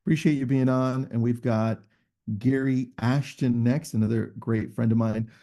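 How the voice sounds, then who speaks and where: A male host running an online interview, joking and bantering with his guests. His voice is mellow, with a middle pitch. He talks in an upbeat, playful way. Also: steady tone, normal speed. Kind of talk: live video call interview.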